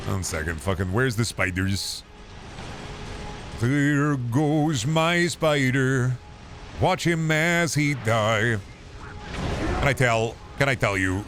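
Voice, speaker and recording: A man streaming a video game, rambling in casual, profane, jokey commentary. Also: fairly low pitch. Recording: game noise behind. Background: video game sound.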